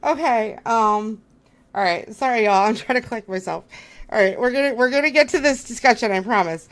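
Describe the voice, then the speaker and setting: A woman's voice: on the high side, fairly quick. Effusive, flustered woman streamer. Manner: effusive, flustered, gushing thanks. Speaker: streamer hosting a live roundtable. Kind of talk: casual live-stream chat, thanking viewers.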